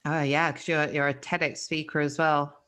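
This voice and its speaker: A woman's voice: low-pitched, flat delivery, normal speed, a bit bright, clear, resonant tone. A British woman hosting an interview, laughing often as she talks. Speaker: interview host. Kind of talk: interview conversation.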